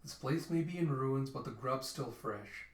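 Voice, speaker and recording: A man's voice: medium pitch, normal speed, natural voice. Man reading as a wistful cyborg woman. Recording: roomy echo, mic at a distance.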